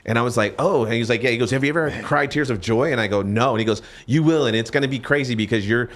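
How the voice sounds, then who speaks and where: A man's voice: mid-range voice, quick pace. A man in his forties hosting a podcast, talking candidly and rambling with frequent restarts. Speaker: podcast host. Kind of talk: casual podcast chat.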